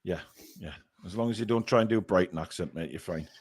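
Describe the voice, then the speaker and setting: A man hosting a live fan watchalong, calling the match play by play and reading viewer messages, partisan and quick to outrage. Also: low-pitched, slightly rough. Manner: excitable, shouts at big chances and bad calls; indignant, partisan.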